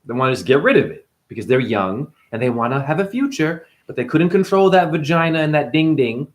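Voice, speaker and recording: A man hosting a casual spiritual monologue, animated and profane, full of rhetorical questions. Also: fairly high pitch, fairly quick. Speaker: host.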